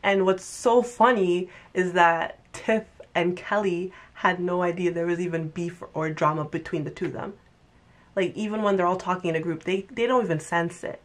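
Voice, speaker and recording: A young woman giving a casual, animated TV recap, chatting fast and acting out lines with exaggerated voices. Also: lowish voice. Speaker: TV recap vlogger. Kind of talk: casual commentary.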